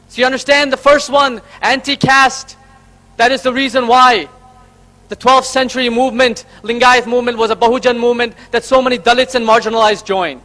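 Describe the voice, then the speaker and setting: A man's voice: extremely high pitch, sharp tone. A man from Karnataka, giving an emphatic public speech from a stage and listing his points in order. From Karnataka, India. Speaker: invited speaker.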